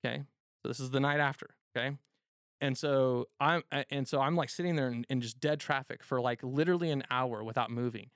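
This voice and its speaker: A man in his thirties telling a long story in casual, profane talk, rambling with many fillers and getting animated. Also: medium pitch, smooth, no room sound, clean studio sound.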